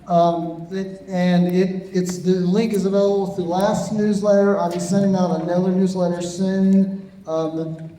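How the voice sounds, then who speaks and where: A man from the theater staff making brisk housekeeping announcements on stage in a large theater. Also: high-pitched, flat delivery, warm tone, slight background noise. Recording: echoey theater hall.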